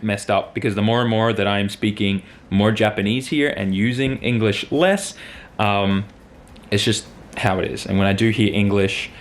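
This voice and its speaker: A man from Australia whose accent has faded toward American, rambling through a casual vlog monologue with plenty of "like" and "um". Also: lowish voice. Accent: faded Australian, drifting toward American. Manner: chatty, rambling, heavy on fillers like "like" and "um". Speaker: vlogger.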